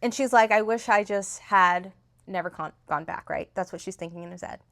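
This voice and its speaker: A woman's voice: mid-range voice, normal speed, fairly bright tone. A young woman in casual, rambling chat, retelling a novel's plot with lots of fillers and restarts, recorded on a phone. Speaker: book reviewer. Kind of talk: casual book review chat.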